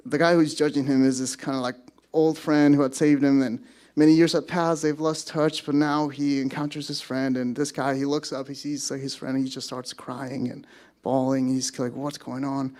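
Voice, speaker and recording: A man's voice: mid-range voice, level tone, normal speed, a little mellow. A man in his thirties from Mexico, a pastor giving a sermon as casual storytelling with self-deprecating humor.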